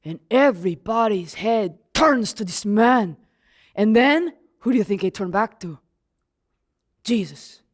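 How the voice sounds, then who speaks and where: A woman with a medium-pitched, animated voice speaks at a measured pace as she plays the apostle John. In first person, she retells his days with Jesus and puts questions straight to her listeners, storytelling in character from the Bible.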